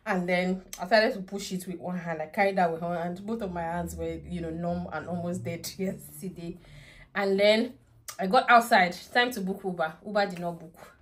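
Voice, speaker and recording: A woman's voice: on the low side, steady tone, moderate pace. A young woman, a mother telling a dramatic story about her toddler in a casual vlog, often laughing and going into prayerful asides.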